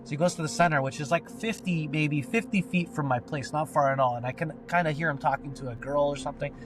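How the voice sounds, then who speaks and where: A man co-hosting a podcast tells a personal story, rambling and swearing with plenty of filler words. He talks fast in a fairly high-pitched voice.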